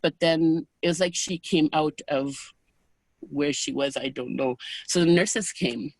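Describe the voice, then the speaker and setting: Soft-spoken woman telling a reflective story. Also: deep voice, no room sound. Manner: soft, unhurried and reflective, with hesitant pauses. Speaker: interview guest. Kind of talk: personal storytelling in conversation.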